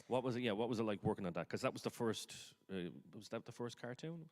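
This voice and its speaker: A man's voice: fairly low pitch, quick pace. A man moderating a live panel interview, asking casual questions in a large convention auditorium.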